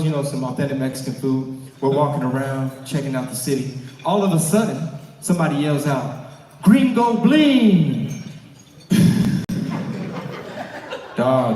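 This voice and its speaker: A man doing a lively stand-up comedy set, acting out the people in his stories. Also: on the high side. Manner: animated, acts out other people's voices. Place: large banquet hall with live audience. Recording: echoey hall, far from mic, crowd. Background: audience laughing.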